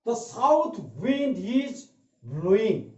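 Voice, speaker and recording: High, lively male teacher. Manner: repeats each sentence slowly, explanatory. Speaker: English grammar teacher. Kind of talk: classroom grammar lesson. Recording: echoey room, dull lo-fi sound.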